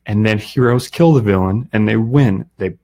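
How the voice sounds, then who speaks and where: A man talking as a podcast guest, relaxed and opinionated, with many fillers. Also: lowish voice, normal speed. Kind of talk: casual chat.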